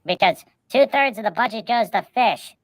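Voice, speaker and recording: A woman's voice: fairly high pitch, animated, moderate pace, no room sound. A woman co-hosting a casual podcast, riffing playfully and rambling through jokes with many restarts. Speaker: podcast co-host. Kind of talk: casual chat, joking riffs.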